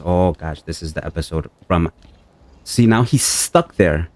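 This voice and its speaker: A man's voice: normal speed, a little mellow, slight background noise. A man casually commenting on his own survival game as he plays, talking to viewers and yelping in alarm when things go wrong. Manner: chatty, talks to viewers, jumps to high-pitched panic when things go wrong. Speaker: let's play gamer.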